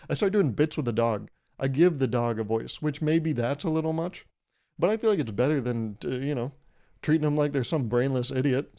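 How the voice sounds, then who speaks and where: A young man hosting a solo comedic podcast, rambling and irreverent, swearing freely and breaking into loud mock voices when he quotes people. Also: mid-range voice, lively intonation, brisk. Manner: profane. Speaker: podcast host.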